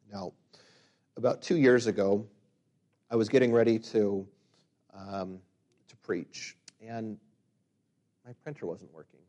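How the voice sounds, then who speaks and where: Preaching man, loud emphatic peaks and quiet pulls back. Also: fairly low pitch. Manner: builds to loud emphatic peaks, then drops to quiet reflection; reads scripture slowly and forcefully. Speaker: pastor. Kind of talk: sermon.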